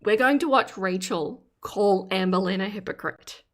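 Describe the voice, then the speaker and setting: A woman's voice: mid-range voice, normal speed. A woman hosting a live reaction stream, chatting casually, giggling often and reading out her chat as she comments on a video. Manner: giggly, laughs often, reads chat aloud; playful teasing commentary.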